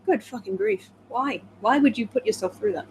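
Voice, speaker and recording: A woman's voice: fairly high pitch, moderate pace, creaky, noisy background. Giggly woman reading a timeline. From England. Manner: giggly, chatty, reads with playful asides. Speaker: co-host. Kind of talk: reading a timeline aloud with casual banter.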